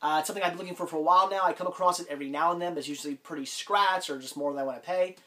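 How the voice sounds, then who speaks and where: A man with a stuffy, congested voice from a cold talks through his latest finds in a relaxed, rambling way. His voice sits a little above the usual for a man, and he keeps stopping for ums and restarting his sentences. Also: on the high side, very fast. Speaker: collector vlogger. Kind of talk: casual vlog haul talk.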